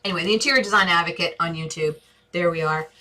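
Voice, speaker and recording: New york lady doing a live q&a, bright lowish voice, chatty and gushy, lots of restarts. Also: fast, slight background noise. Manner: chatty and effusive, calls viewers babe and divas, thinks aloud with restarts. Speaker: interior design host answering viewer questions. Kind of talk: casual live-stream Q&A.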